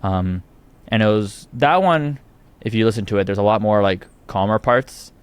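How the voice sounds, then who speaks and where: A young Canadian man with an Ontario accent, a guest singer chatting casually in an interview, relaxed and rambling, laughing often. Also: fairly low pitch, normal speed, smooth. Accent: Ontario English.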